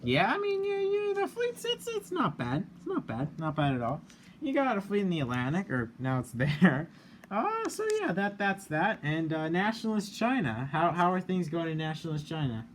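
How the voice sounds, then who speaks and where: Male game host, hesitant, lively intonation; faint noise. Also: high voice, normal speed. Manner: hesitant, many fillers, laughs often. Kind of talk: hosting a strategy game round-up. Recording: light background noise.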